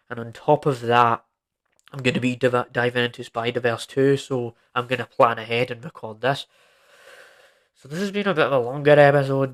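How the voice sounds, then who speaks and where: A young man hosting his own podcast, ranting casually and emphatically, full of "like" and "right?". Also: mid-range voice. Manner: rambling, emphatic and informal, with frequent "like" and "right?". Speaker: podcast host. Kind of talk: solo podcast rant.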